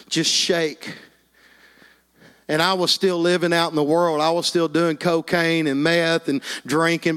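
A man's voice: on the high side, a bit bright, smooth. A middle-aged man, preaching a sermon with personal testimony and peppering it with amens and hallelujahs.

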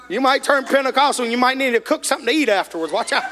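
A man preaching a sermon, telling a folksy story in an animated way that rises into shouts. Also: very high-pitched, quick pace, hardly any pauses, noisy background. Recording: echoey hall reverb.

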